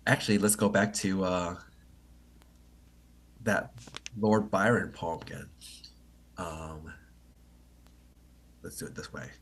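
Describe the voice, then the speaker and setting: A man hosting an online English meeting, explaining poetry to learners in a halting, think-aloud way and often checking with "right?". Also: low-pitched, slight background noise.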